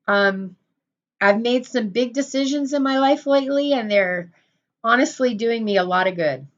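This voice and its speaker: Casting: middle-aged woman host, higher voice, gushing and chatty, lo-fi stream audio. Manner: gushing, effusive greetings, repeats herself. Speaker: channel host on a livestream. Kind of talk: casual livestream chat greeting viewers.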